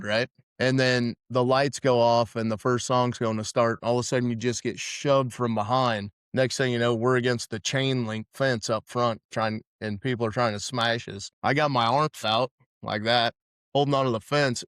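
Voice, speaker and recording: Male podcast host, rambling and profane, smooth resonant voice, dry close sound. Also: mid-range voice, fairly bright tone, no room sound. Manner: rambling, profane, restarts a lot. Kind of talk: casual storytelling chat.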